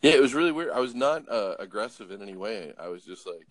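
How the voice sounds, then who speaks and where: Middle-aged guest raconteur, male, low-pitched, swears, acts out every line. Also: fast talker, dry recording. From Los Angeles. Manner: animated, acts out voices, swears, frequent restarts. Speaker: guest storyteller. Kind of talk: casual storytelling.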